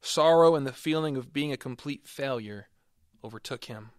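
A man's voice: medium pitch, normal speed, clean tone, no room sound, clean studio sound. A man preaching a sermon and reading scripture aloud, earnest, with emphatic swells on key words.

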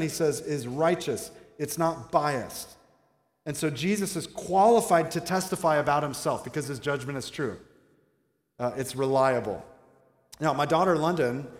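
A man in his thirties preaching a sermon in a conversational, joking way, asking the congregation questions. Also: on the high side. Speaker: pastor. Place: large church hall. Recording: roomy hall with long reverb.

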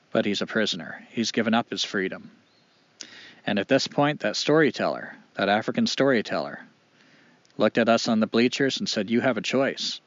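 A man telling a folk tale in an animated, expressive way with dramatic pauses. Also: on the low side, no echo, dull audio. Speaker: storyteller. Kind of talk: oral storytelling.

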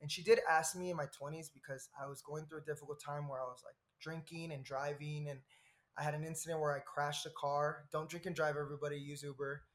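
A man in his thirties from Southern California, a podcast guest telling a personal story in a lively, rambling way with frequent laughs. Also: fairly high pitch, fast talker. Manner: animated, laughs often, rambling asides.

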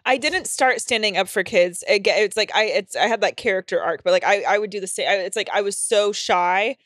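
A woman co-hosting a podcast, telling a self-mocking story in an animated, profane casual way. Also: medium pitch, brisk, dry recording, clean studio sound. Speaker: podcast co-host.

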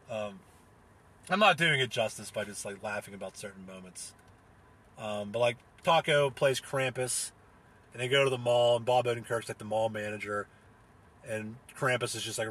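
A young man with a husky, bright-edged voice talks in a loose, rambling way. He leans on fillers and restarts, laughs through his words and swears freely. His tone stays casual and unscripted throughout. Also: lowish voice. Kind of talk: casual solo chat recounting a comedy show.

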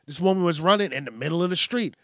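A man's voice: fairly high pitch, lively intonation, fast, a bit bright, no room sound, clean studio sound. A man hosting a podcast, ranting casually with heavy profanity and exasperation. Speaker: podcast host. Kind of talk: casual solo rant.

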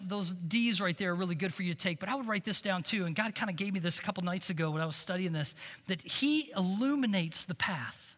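Male preacher, storytelling sermon, high voice, very bright tone, hushed then loud, long hall reverb. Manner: storytelling, swings between hushed lines and loud emphatic peaks. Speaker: camp director and preacher.

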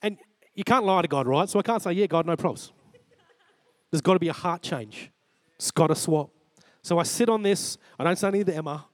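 Australian male preacher, 40s, earnest storyteller, slightly high voice, dry sound. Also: quick pace, dry recording. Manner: earnest storytelling, acts out dialogue with God. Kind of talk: sermon with personal story. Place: church.

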